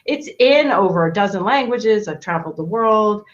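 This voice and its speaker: A woman's voice: medium pitch, expressive, normal speed. Chatty middle-aged woman on a muffled stream. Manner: talkative, storytelling with many fillers and restarts. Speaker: guest, autism expert and parent. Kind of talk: casual interview chat.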